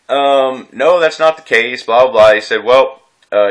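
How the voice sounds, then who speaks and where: A man's voice: mid-range voice, normal speed, fairly bright tone. A veteran man telling his own story in an unscripted vlog, rambling and agitated, swearing often and restarting his sentences. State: distressed.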